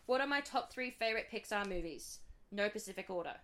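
A woman's voice: medium pitch, lively intonation, fast, fairly bright tone. A woman hosting a podcast from bed at home, chatting casually with lots of giggling, swearing and playful teasing. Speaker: podcast host. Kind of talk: casual chat quiz.

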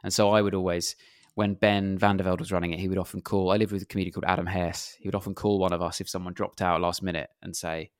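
Low-voiced man telling rambling anecdotes. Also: flat delivery, fast, clear, resonant tone, no room sound, clean studio sound. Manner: self-deprecating, rambling anecdotes. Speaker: comedian guest. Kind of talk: casual interview chat.

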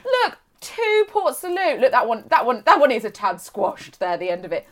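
High, bubbly woman podcast host. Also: very animated, normal speed, fairly bright tone. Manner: effusive, laughs often. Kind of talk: casual chat reading listener mail. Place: home.

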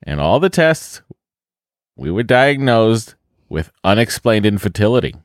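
A man's voice: lowish voice, big pitch swings, measured pace, no echo, studio quality. A man putting on a Boston accent to voice a chatty new mother in her thirties, reading her letter aloud for comic effect. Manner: exaggerated accent, breathless listener-letter reading.

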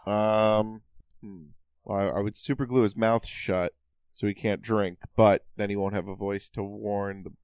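A man's voice: lowish voice, steady tone, a little slow, a little mellow, smooth, dry recording, clean studio sound. A young man playing a tabletop game, joking around in casual chat. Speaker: player.

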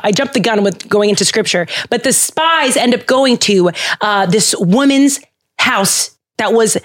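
A woman hosts a podcast and retells a story in loose, chatty form. She talks in a playful, animated way and jokes as she goes. Her pitch sits in the middle range for a woman. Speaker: podcast host. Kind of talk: casual storytelling chat.

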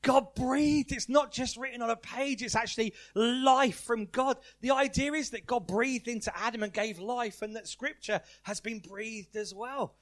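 A high-voiced man gives a lively sermon to a church congregation. His talk is playful and animated, and he keeps asking the room questions and repeating their answers. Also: moderate pace, few pauses. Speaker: preacher. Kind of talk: lively family-service sermon.

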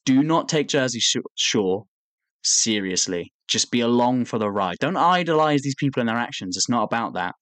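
Young male podcast co-host, animated sweary storyteller, average pitch, dry close mic. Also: normal speed, no room sound. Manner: animated storytelling, swears a lot, acts out quotes. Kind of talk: casual chat.

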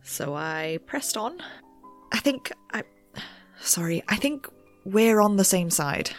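A woman's voice: mid-range voice, sing-song, takes it slowly, faint music behind. A woman playing a rambling young researcher. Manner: rambling and self-deprecating. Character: nervous, rule-bending young woman researcher. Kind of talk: audio drama narration.

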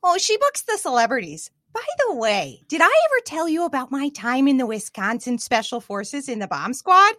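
A chatty, boastful woman radio producer, read aloud by a woman at the game table in a rambling, bragging tone. The voice swings widely in pitch and sits in a dry room with no echo. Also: very animated, normal speed, few pauses, a bit bright. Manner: rambling, bragging reading of scripted lines.

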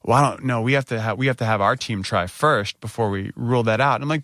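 Man, casual storyteller, animated, bright tense voice, dry close sound. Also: mid-range voice, fast, hardly any pauses, dry recording. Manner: animated, acts out his own anxious outbursts in quotes.

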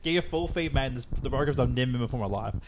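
A young man co-hosting a podcast, racing through an animated story full of swearing. He talks at a fast clip at an ordinary, middle pitch. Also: background noise. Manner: swearing, animated retelling with acted quotes. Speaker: podcast co-host. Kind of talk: casual storytelling chat.

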